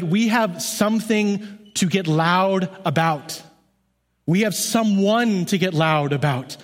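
Male music leader preaching; earnest, emphatic, conversational delivery, slightly high voice, reverberant hall. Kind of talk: sermon.

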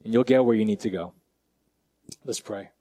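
A male pastor with a lowish voice preaches a conversational sermon, casual and direct. He often drops into a quiet, slow emphasis.

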